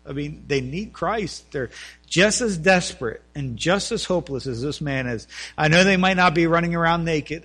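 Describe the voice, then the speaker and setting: A man preaching a sermon as pastor, rising to loud emphatic peaks and dropping low, often repeating words and restarting sentences.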